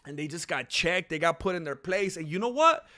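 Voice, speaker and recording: Man, high voice, casual commentary host, animated storyteller, restarts and laughs. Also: a little fast. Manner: animated storytelling, acts out quotes in shouty voices; frequent restarts and laughter, emphatic repetition. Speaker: channel host.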